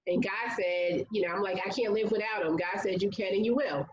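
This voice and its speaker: Speaking fairly quickly in a mid-range voice, a woman recounts a personal story as an interview guest, earnest and conversational with plenty of "like" fillers. The lo-fi audio has an echoey room sound.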